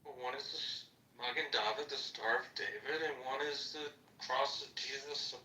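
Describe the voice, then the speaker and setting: A man's voice: medium pitch, fairly even intonation, moderate pace, sharp tone, echoey room. Male panelist, mid voice, noisy room. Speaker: podcast panelist. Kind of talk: casual chat.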